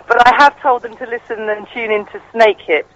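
Playful, cheeky male on-location reporter with a high voice; the sound is muffled, like a phone line. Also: moderate pace, fairly bright tone. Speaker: radio co-host on location. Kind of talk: casual live radio banter.

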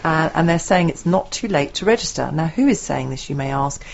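A very low-pitched woman co-hosts a local radio show, bantering playfully between announcements. Her voice sits deep for a woman. The recording is dull and lo-fi with a faint hiss behind it. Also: fairly quick, gravelly. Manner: lively, playful banter with co-host. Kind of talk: chatty radio co-hosting and reading announcements. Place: radio studio. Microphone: studio microphone.

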